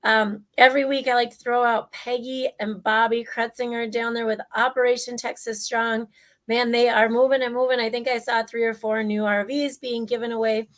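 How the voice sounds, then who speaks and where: A woman opens an online talk show in a bright, chatty way, her voice sitting a bit high. She drops in plenty of "um"s and sounds upbeat and easygoing. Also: little pitch movement, moderate pace. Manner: upbeat, filler-heavy. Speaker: co-host. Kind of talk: casual show opening.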